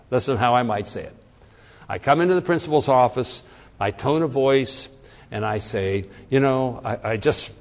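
Man lecturing in a reverberant hall. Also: mid-range voice. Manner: illustrates points by acting out example phrases. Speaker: teacher. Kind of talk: classroom lecture.

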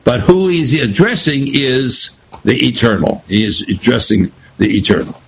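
A man teaching a Bible study lesson, retelling scripture in an animated, digressive way. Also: medium pitch, measured pace, creaky, husky, low-quality recording.

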